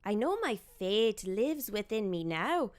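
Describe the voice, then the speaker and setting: A woman's voice: medium pitch, big pitch swings, a little slow. Woman putting on a proud young Scottish princess. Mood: earnest. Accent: put-on Scottish. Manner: reciting a game line, earnest.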